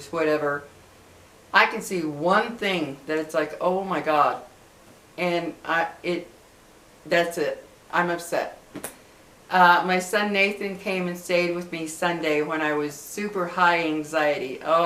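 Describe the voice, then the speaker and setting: A woman's voice: fairly low pitch, fairly bright tone. Impassioned middle-aged woman vlogging in an echoey room. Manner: impassioned, repetitive, emphatic. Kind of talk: casual direct-to-camera talk.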